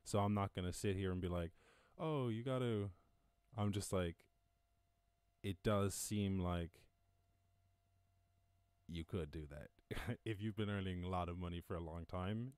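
A man's voice: sits low, steady tone, measured pace, long pauses, darkish tone, smooth, dry recording. A man with an Irish accent hosting a casual live-stream, reading news and riffing on it, swearing freely and laughing at his own jokes. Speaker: podcast host. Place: home during lockdown.

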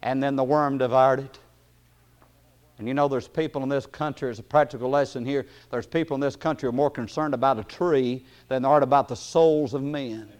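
A man preaching a sermon in a folksy way, chuckling often and hesitating with fillers, then rising into loud emphatic bursts. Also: medium pitch, fast talker, hardly any pauses.

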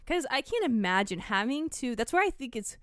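Animated, smooth-voiced female podcast co-host, skeptical and blunt, recorded dry and close. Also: a little high, fairly quick, dry recording. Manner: wry, skeptical, blunt commentary. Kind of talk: casual movie review chat.

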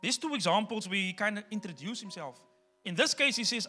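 High, bright-voiced preaching pastor. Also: male voice, animated, a little fast, slightly rough, faint music behind. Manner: emphatic preaching that addresses the congregation directly. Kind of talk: sermon.

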